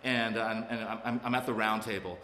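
Fast and forceful, a middle-aged man from Alabama gives a personal talk about his recovery in a fairly low, steady, bright voice. He keeps restarting and performs other people's voices, all in an echoey hall with long reverb and a bit of noise.

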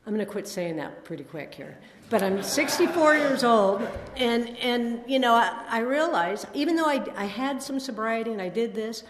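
A woman's voice: a little high, expressive, normal speed, background noise. A woman in her sixties giving a rambling, self-deprecating personal recovery testimony at a meeting, full of fillers and restarts. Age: 60s. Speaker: speaker sharing at a recovery meeting. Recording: echoey hall with long reverb.

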